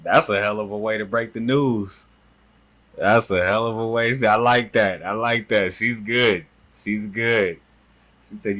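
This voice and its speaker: A man's voice: on the low side, unhurried, a bit bright. A man hosting a reaction video, giving blunt, profane casual commentary and laughing at the footage.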